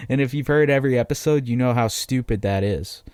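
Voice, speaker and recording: A man's voice: medium pitch, brisk, a little mellow, clear, resonant tone, no echo. A man, hosting a casual solo podcast in a profane, rambling, self-deprecating way. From Massachusetts. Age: 20s. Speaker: podcast host.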